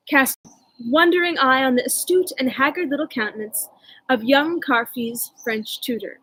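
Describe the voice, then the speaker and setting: A woman reading a novel aloud at home in a measured, even narration. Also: high-pitched, rough recording. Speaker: audiobook reader.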